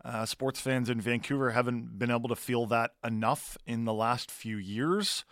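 A man's voice: mid-range voice, fairly even intonation, moderate pace, a bit bright, no room sound, clean studio sound. A man co-hosting a sports radio show, talking in a reflective, rambling way. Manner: reflective, rambling, with fillers and restarts. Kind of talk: casual radio chat. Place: radio studio.

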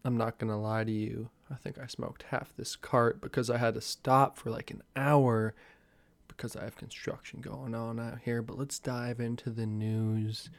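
Excitable young man hosting a cannabis show. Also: mid-range voice, normal speed, dry recording. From New Jersey. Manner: profane, loose and excitable. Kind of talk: casual news commentary.

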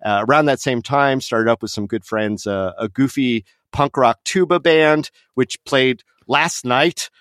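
A man's voice: medium pitch, a little slow, hardly any pauses, a bit bright, dry recording, clean studio sound. A middle-aged man from Las Vegas, a podcast guest telling an anecdote in casual chat, laughing often and acting out the voices of others. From Las Vegas, USA.

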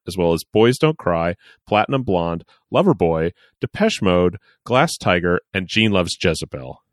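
Lively low-voiced male podcast host. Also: no room sound, studio quality. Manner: animated, jokey, reads aloud with playful asides. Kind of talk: casual podcast chat and letter reading.

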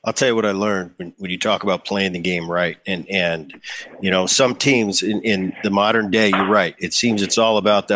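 A man's voice: low voice, moderate pace. A middle-aged man hosting a podcast, telling stories in casual chat and acting out what others said. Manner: storytelling, animated, quotes others. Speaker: podcast host.

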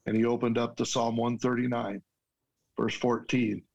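A man's voice: medium pitch, flat delivery, normal speed, creaky, darkish tone, muffled recording. Earnest man telling his story. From United States. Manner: earnest and heartfelt, with restarts and the odd laugh. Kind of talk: personal storytelling.

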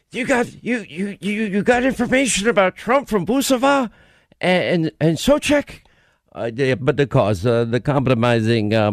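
A man doing a jokey Russian accent, bouncing between a high, squeaky register and a low one. It plays as a mocking bit, quickly and unevenly delivered. The sound is close and dry. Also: no echo. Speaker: host. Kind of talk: mocking reenactment.

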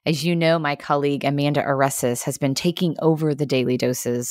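A woman's voice: low voice, fairly even intonation, a little fast, darkish tone, no room sound, studio quality. A woman podcast host giving an appreciative introduction to a leadership segment.

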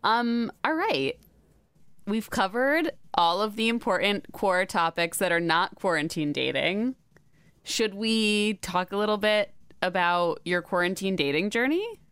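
A woman's voice: medium pitch, expressive, a little slow, a bit bright, clear, resonant tone, no echo. A woman hosting a casual podcast chat and steering the conversation. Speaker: podcast host.

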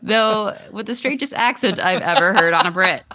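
A woman's voice: medium pitch, moderate pace, bright, forceful tone. A woman co-hosting a casual podcast, reading a listener's email aloud and laughing between phrases. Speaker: podcast co-host.

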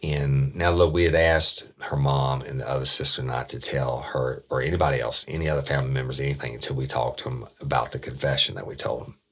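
Very deep, husky man telling a story. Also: fairly even intonation, a little fast, fairly bright tone. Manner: blunt, plain-spoken, swears freely. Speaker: podcast host, former police detective. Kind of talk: casual true-crime storytelling.

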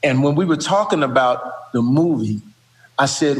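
A middle-aged man, an actor and comedian, telling animated, profane stories and slipping into voices as a guest. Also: medium pitch, normal speed. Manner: lively, profane, does voices. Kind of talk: animated storytelling. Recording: roomy with long reverb.

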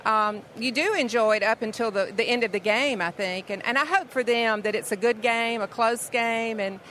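A woman's voice: on the high side, moderate pace, fairly bright tone, a little hiss or hum. An older woman, a football player's mother, chatting as a guest in a casual interview on an outdoor event set, gracious and prone to restarts.

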